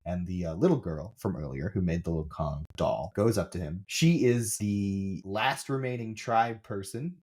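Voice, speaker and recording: A man's voice: low voice, normal speed, hardly any pauses. A man hosting a podcast, retelling a movie in casual chat and acting out the characters' lines. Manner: animated, acts out characters' lines while retelling. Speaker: podcast host.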